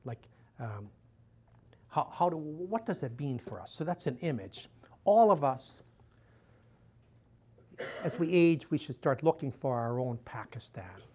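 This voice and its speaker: Here the missionary priest's voice sits in the mid range, expressive and a little slow with frequent pauses, slightly mellow and a touch rough. Addressing a roomful of listeners in a loose, chatty lecture, he tells stories, keeps saying "you know," and performs quoted lines in a lifted voice.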